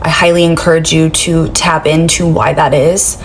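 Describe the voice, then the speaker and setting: A woman's voice: deep voice, little pitch movement, moderate pace, a little hiss or hum. A woman giving blunt, profane advice in a casual straight-talk monologue. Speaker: advice speaker.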